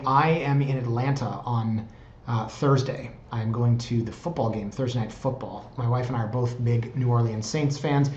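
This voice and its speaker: Chatty man in a roomy recording. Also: mid-range voice. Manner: chatty and enthusiastic, tags lines with "right?". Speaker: real estate agent vlogger. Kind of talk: casual commentary on house listings. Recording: roomy, slightly dull recording.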